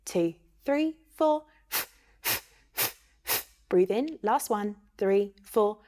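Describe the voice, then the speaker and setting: An English woman teaching children a singing warm-up online, counting along and encouraging them. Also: medium pitch, expressive, extremely slow.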